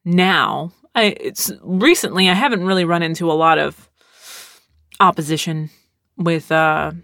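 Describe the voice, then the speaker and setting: A woman's voice: lowish voice, a little slow, creaky, a bit bright, dry recording, studio quality. A young adult woman hosting a podcast, talking casually in a rambling, sarcastic way with lots of fillers. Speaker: podcast host. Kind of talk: casual solo podcast talk.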